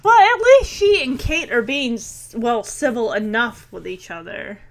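Chatty woman recapping a show, kinda high voice, giggles a lot. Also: sing-song, a little slow. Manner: chatty and giggly, laughs often. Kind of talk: casual recap chat.

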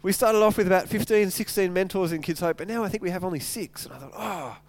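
A pastor speaks quickly in a high voice during his sermon. He turns scripture into lively, casual storytelling, with plenty of stumbles and repeated words.

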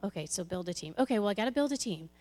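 A woman's voice: mid-range voice, expressive, rapid-fire, dark tone. A woman who runs a church's children's ministry speaks to the congregation in a plain, mid-range voice. She gives a personal testimony in a candid, conversational way. She restarts her sentences often as she talks.

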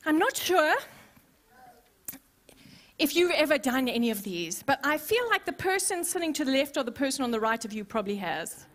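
A woman pastor preaching a sermon, expressive and playful, with humorous asides to the congregation. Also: high-pitched, normal speed. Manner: expressive, acts out scenes.

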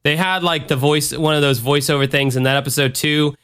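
A man co-hosting a podcast, chatting loosely and mimicking voices. His voice is bright and crisp, sitting a bit high for a man. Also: fairly quick. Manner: animated, mimics voices with big jumps in pitch. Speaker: podcast co-host. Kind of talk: casual podcast chat.

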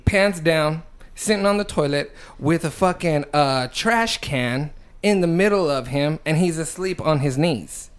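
Laughing, animated young storyteller, a man. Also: on the high side, unhurried, clean tone. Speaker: podcast host. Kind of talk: casual storytelling chat.

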